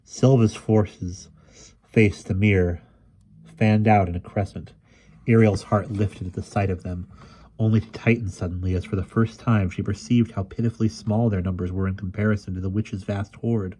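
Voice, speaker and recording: A man reads a fantasy novel aloud in a steady, measured way. His voice sits low and sounds dark and mellow. Now and then he restarts a word and carries on. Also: breathy edge. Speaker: reader. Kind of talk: audiobook narration.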